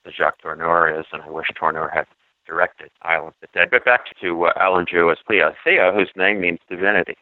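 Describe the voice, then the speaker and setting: A man's voice: low-pitched, little pitch movement, fairly quick, dry recording. A man co-hosting a casual film podcast, talking in a chatty, digressive way with many fillers. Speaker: podcast co-host. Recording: dry, phone-like narrow sound.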